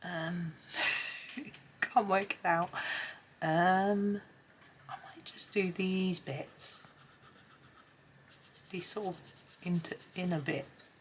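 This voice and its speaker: A hoarse woman with a chatty, rambling manner talks casually while colouring, often dropping to a near whisper. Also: on the low side, very slow, pauses often, a little hiss or hum. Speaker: colouring channel host.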